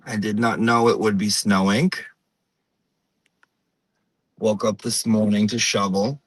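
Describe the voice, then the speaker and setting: A man's voice: lowish voice, little pitch movement, slightly rough, no echo, poor audio. A man playing a chatty, rambling middle-aged mom in a comedic character monologue. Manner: rambling, gossipy, drawn-out. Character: chatty middle-aged Portuguese-American mom on her morning drive.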